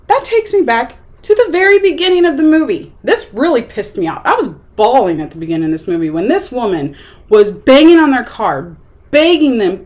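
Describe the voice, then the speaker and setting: A woman talks through a film she disliked in a casual, exasperated rant. Her voice sits high and leaps around with lively swings. She slips into mocking voices when she quotes people. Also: brisk. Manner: animated, exasperated, acts out quotes. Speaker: movie reviewer.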